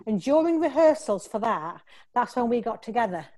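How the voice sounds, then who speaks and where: Woman, slightly high pitch; talkative actress, animated storyteller prone to restarts. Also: normal speed. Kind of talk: casual interview.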